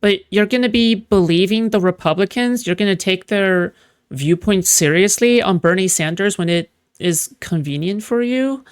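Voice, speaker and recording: A woman's voice: medium pitch, normal speed, smooth. A woman streamer mocking a clip in casual, sarcastic reaction commentary.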